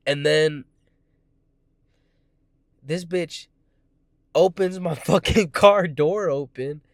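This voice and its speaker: A man's voice: a little high, no room sound, clean studio sound. Profane young man telling a story. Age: 20s. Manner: profane, rambling, frequent swearing; restarts and self-corrections. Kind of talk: casual storytime monologue.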